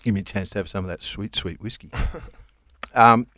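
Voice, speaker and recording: An Australian man with a low, grounded voice spins long, rambling comedy stories, laughing easily and swearing without fuss. The sound is dry and close to the mic. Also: brisk, bright, forceful tone, no echo. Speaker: comedian guest. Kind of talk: casual storytelling chat.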